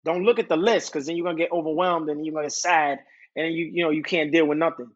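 A man with a New York accent speaks as a podcast guest, stumbling over his words and restarting his sentences as he opens up. His voice is husky and sits a little high for a man. The recording sounds dull and lo-fi. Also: fairly even intonation. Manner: halting, repeats words and restarts, recites his own lyrics. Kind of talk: candid conversational talk.

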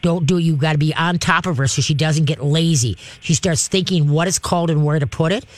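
A man's voice: on the high side, fairly even intonation, fairly quick, dry recording. A man hosting a call-in radio show about dogs, giving folksy, chatty advice and checking in with "okay?" and "all right?" as he goes. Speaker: radio show host, dog trainer.

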